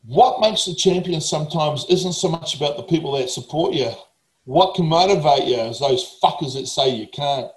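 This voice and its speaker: A man's voice: on the high side, moderate pace, roomy sound, rough recording. A man, a motivational speaker talking casually, blunt, emphatic and swearing heavily. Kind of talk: casual talk.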